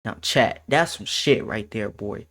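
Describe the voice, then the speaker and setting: A young man streaming a casual storytime to his chat, animated and laughing, acting out what others said. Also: fairly low pitch, measured pace, vocal fry. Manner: animated, laughs, quotes others in shifting voices.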